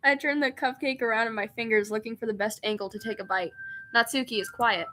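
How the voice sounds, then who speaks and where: A woman's voice: a little high, fairly even intonation, fast, sharp tone, slight background noise. A woman streamer reading a visual novel aloud, narrating in first person and breaking off into giggly, self-mocking asides.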